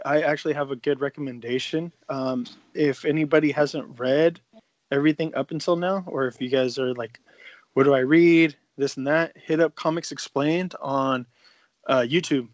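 A man co-hosting a podcast, excitedly recapping a comic story in casual chat, swearing freely and rambling. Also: a little high, dry recording, dull audio. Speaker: podcast co-host.

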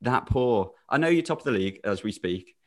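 A man's voice: fairly low pitch, expressive, a little fast, darkish tone. Young male, jokey storyteller, casual podcast talk. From England. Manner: rambling anecdotes, jokey. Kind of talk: casual chat.

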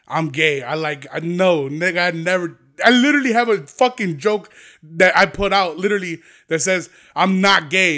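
A young man hosting a podcast, ranting profanely and heatedly, swinging between low mutters and loud outbursts. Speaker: podcast host.

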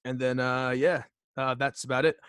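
Young man, halting chatter. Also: medium pitch, flat delivery, smooth, dry recording. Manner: halting, filler-heavy, trails off quietly. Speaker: podcast guest. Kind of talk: casual chat.

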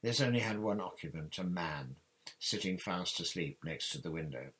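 A man reading a novel aloud in steady audiobook narration. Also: sits low, normal speed, poor audio. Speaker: reader.

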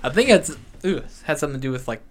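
A man's voice: on the high side, sing-song, racing. Young man telling loose podcast stories. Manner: laughs often, loose storytelling with swearing. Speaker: podcast co-host. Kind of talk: casual chat.

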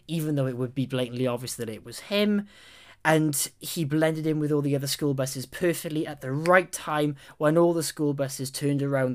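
Low-voiced young woman discussing film. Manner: thoughtful, analytical. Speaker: film commentator. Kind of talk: casual film analysis talk.

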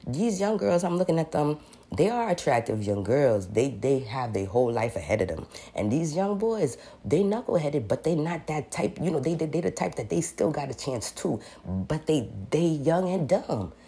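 A woman vlogger telling a personal story in a casual, animated way, acting out the people she quotes and pressing her points hard. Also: low voice, normal speed. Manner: emphatic and insistent, repeats her points.

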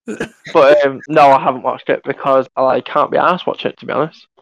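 A man's voice: mid-range voice, a little fast, creaky, dry recording, muffled recording. A British man in a casual podcast chat, laid-back, chipping in with sweary quips.

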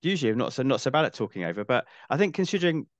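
A man guesting on a casual film-review podcast, talking in a thoughtful, measured way. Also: mid-range voice, very animated, dry recording.

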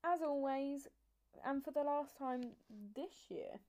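A woman's voice: high-pitched, steady tone, takes it slowly, dark tone. A young woman hosting a student radio show, chatting loosely with lots of fillers and giggles. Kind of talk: casual chat.

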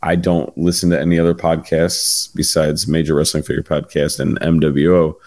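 A man co-hosting a podcast, talking in a halting, laid-back way with many fillers. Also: a bass voice, level tone, a little mellow, no room sound. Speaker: podcast co-host. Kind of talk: casual chat.

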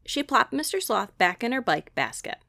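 A woman librarian reading a children's picture book aloud with slow, expressive delivery. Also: on the high side, vocal fry, no echo, studio quality. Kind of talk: storybook read-aloud.

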